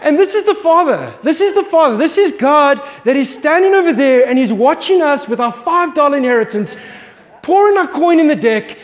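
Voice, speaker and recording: A man in his thirties preaching a sermon, telling a family story in an animated way as a pastor. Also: extremely high pitch, a little fast. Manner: animated storyteller, voice climbing when excited. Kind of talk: sermon with personal anecdote. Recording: long reverb from a large hall.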